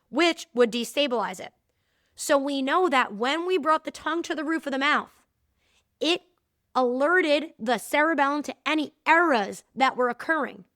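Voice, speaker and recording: A woman in her thirties hosting a solo podcast, telling stories and teaching in a candid, animated way with frequent laughs. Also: sits high, no echo, studio quality. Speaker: podcast host and movement teacher. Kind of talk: casual solo podcast talk.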